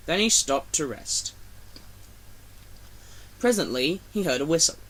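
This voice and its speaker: A man reading a children's railway storybook aloud, expressive. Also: fairly high pitch, measured pace.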